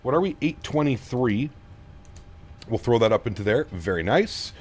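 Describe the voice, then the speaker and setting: A man's voice: medium pitch, expressive, moderate pace, a little mellow. A man from Canada hosting a live flight sim stream in a casual way, greeting viewers by name and talking through each cockpit setup step. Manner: greets viewers by name, reads chat aloud.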